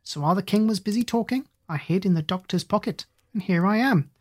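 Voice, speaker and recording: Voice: mid-range voice, brisk, pitched above the performer's own voice, lightly acted. A reader voicing a clever, self-assured female parrot. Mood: confident.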